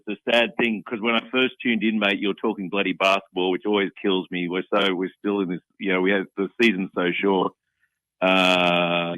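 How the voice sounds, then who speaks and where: A man's voice: low voice, bright, forceful tone, dry recording, poor audio. A man with an Australian accent, calling in to a sports talk radio show and chatting casually. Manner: laid-back, uses mate and bloody. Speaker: caller. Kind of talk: casual call-in chat.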